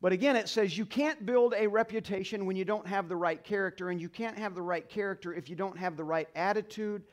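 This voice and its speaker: A male pastor preaching a sermon to a congregation, leading call-and-response, swinging between quiet asides and loud exclamations. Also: sits high, brisk, few pauses. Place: church sanctuary.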